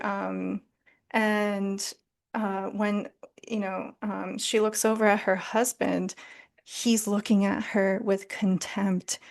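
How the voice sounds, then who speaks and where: A woman's voice: mid-range voice, gravelly. A woman leading a casual book club discussion, summarizing a story in a chatty way with many fillers.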